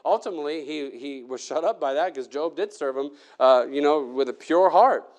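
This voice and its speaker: A male preacher delivering a Sunday sermon with a fairly high voice. He talks earnestly and conversationally, stumbling and restarting as he presses his point. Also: normal speed. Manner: earnest, with frequent restarts and fillers.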